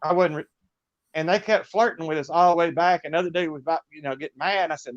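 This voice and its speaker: A man's voice: fairly high pitch, quick pace. Man telling laid-back rambling stories. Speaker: guest musician. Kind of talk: casual storytelling. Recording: dull lo-fi dry sound.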